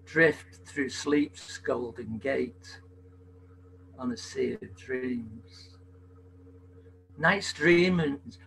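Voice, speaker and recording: A man reads his verse at an unhurried, soft pace, his voice sitting a little high and rough with fry. He is performing at an open mic through a video call. A faint hum runs under the recording. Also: rough recording. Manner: slow, soft-spoken delivery with gravelly fry. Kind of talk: poetry reading and sung parody over video call.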